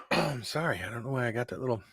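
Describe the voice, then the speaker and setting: A man hosting a casual live hangout stream rambles and talks to his viewers, his medium-pitched voice a bit bright. The sound is clean and studio-like with no room sound, and he keeps clearing his throat.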